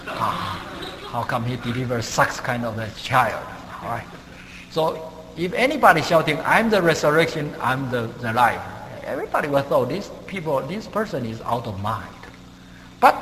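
A man preaching a sermon, halting with many fillers and non-native grammar, leaping up in pitch and volume for emphasis. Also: a bit bright. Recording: long hall reverb, faint hum.

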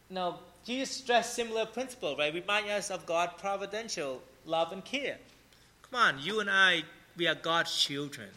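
A man's voice: sits high, sharp tone. A man giving a conversational sermon, often checking in with his listeners and telling everyday stories. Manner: conversational, keeps asking "right?" and "okay?"; tells everyday stories to make points. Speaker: preacher.

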